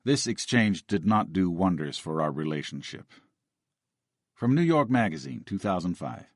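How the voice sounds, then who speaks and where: A man narrating an audiobook with expressive storytelling. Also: deep voice, normal speed, vocal fry, no echo, studio quality.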